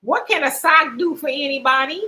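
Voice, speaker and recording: A middle-aged woman hosts a casual livestream, reading out viewer comments and tossing in quick asides and frequent laughter. Her voice sits a little high and rings bright and forward. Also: rough recording. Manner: laughs often, reads comments aloud with asides. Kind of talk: casual chat.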